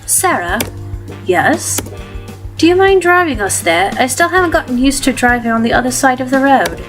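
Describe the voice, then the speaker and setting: A woman's voice: high-pitched, expressive, moderate pace, a bit bright, pitched above the performer's own voice. A woman voicing a polite, formal male inspector in a video game with a put-on English accent, with game music behind.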